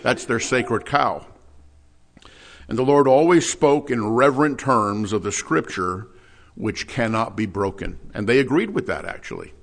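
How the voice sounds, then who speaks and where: A man's voice: medium pitch, animated, unhurried, a bit bright. Man teaching a Bible sermon. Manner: expository, rhetorical questions, rising emphasis. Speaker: preacher.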